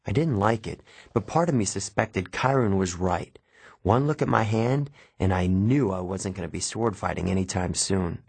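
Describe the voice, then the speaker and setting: A man reading scripted first-person narration for an audiobook, steady. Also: low voice, moderate pace, vocal fry, husky, dry recording. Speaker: audiobook reader.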